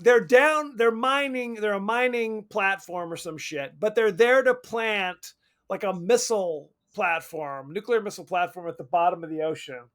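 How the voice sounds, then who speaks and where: A man co-hosting a podcast, telling a movie's story in a casual, animated way with cursing and laughter. His voice sits high for a man. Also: moderate pace. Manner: loose and profane, animated retelling with laughs. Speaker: podcast co-host. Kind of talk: casual movie recap chat.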